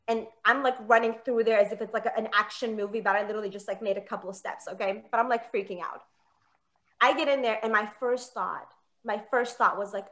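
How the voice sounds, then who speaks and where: Bright-voiced woman doing stand-up. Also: a little high, brisk. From Palestinian American. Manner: chatty, self-mocking, acts out quoted dialogue. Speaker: stand-up comedian. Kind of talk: stand-up comedy set. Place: comedy club stage with live audience.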